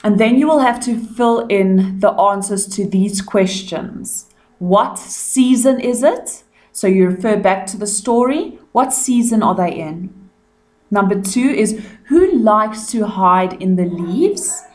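A South African woman teaching young children, pronouncing words clearly and repeating them in a revision lesson. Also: medium pitch, animated, takes it slowly, darkish tone.

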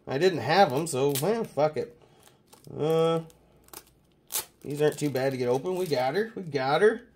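A man's voice: fairly high pitch, moderate pace. Profane, hyped-up card-collecting guy. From Canada. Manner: profane, excitable hype talk. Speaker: card collecting channel host. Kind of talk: casual mail-day chat.

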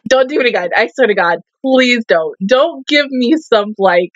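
A woman's voice: sits high, expressive, moderate pace, few pauses, no room sound, muffled recording. A woman reacting to an anime episode, ranting in exasperation, swearing and laughing. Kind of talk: casual reaction commentary.

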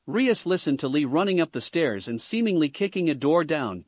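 A man reading fan fiction aloud in an animated, slightly stumbling way. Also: a little high, normal speed, hardly any pauses, dry recording. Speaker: story reader.

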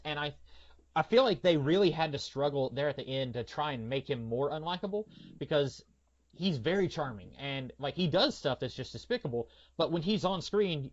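A man's voice: mid-range voice, dull audio. A man chatting casually about a film on a podcast, rambling and hesitant with many fillers. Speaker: podcast co-host. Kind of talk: casual film review chat.

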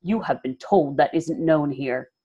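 A woman reading aloud voices a stern, watchful warrior man who stays grave and reserved. The delivery is calm and measured, low and dark in tone, and a bit quieter than the narration. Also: husky, lo-fi sound.

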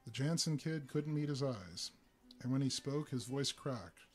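A man's voice: mid-range voice, measured pace, faint music behind. Man reading a story aloud. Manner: relaxed reading with small slips. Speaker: reader.

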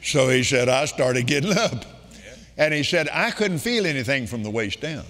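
A man's voice: medium pitch, lively intonation, moderate pace, a bit bright. An older man preaching a sermon, retelling a healing testimony in emphatic quoted speech. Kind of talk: sermon storytelling. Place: large meeting hall. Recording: long reverb of a large hall.

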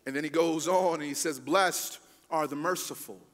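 High-voiced pastor preaching in a hall. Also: male voice, moderate pace. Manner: conversational preaching, lively and emphatic. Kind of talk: sermon. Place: church hall. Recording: long hall reverb.

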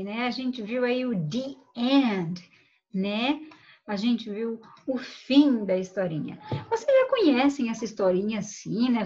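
A woman's voice: a little high, a little mellow. Brazilian teacher woman, reassuring. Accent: Brazilian Portuguese. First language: Portuguese. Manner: reassuring, checks in often. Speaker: English teacher. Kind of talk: casual online class talk. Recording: dull lo-fi online audio.

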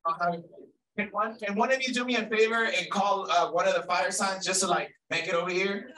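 A man leading a group activity at an event, energetic and playful as he calls out to the crowd. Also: sits high, brisk, far from the mic, poor audio. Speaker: workshop facilitator. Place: large event hall.

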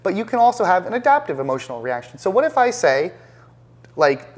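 A man's voice: sits high, sing-song, brisk. Intense, emphatic man being interviewed. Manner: intense, emphatic, repeats words while building points. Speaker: professional trader, guest. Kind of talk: conversational interview. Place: penthouse apartment, indoors.

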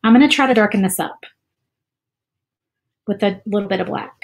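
A woman's voice: mid-range voice, moderate pace, vocal fry. Chatty woman painting live. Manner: chatty, self-doubting, says "y'all" a lot. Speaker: craft livestream host. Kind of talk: casual painting livestream chat.

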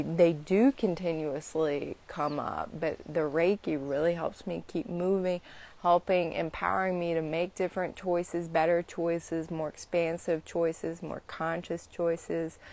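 A woman's voice: low-pitched, darkish tone. A young woman chatting casually to viewers about energy healing, rambling with lots of "you know" and "like". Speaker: Reiki practitioner hosting a live stream. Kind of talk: casual spiritual chat to viewers.

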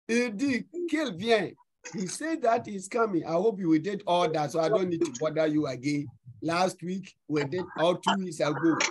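A man's voice: high-pitched, poor audio. A man with a Ghanaian English accent teaching French, going over an exam in class and repeating words as he explains. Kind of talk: online class review.

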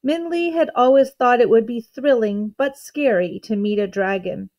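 A woman teacher reading a children's novel aloud, narrating in a calm, measured way. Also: a little high. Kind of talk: storybook read-aloud.

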